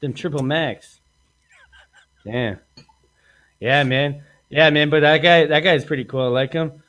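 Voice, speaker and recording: A man's voice: fairly high pitch, unhurried, no room sound. A man hosting a comedy podcast, boastfully telling stories, acting out quotes and laughing often. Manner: boastful, animated storyteller who acts out quotes and laughs often. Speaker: podcast host. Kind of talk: comedic storytelling chat.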